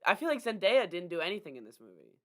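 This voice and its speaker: A man co-hosting a podcast, chatting casually and nitpicking a movie with quick asides. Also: high voice, very animated. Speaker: podcast co-host. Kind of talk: casual movie review chat.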